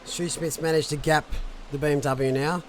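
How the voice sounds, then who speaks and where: A man's voice: a little high, fairly even intonation, moderate pace, slight background noise. A man giving casual live sim racing commentary, chatting to viewers and answering their messages.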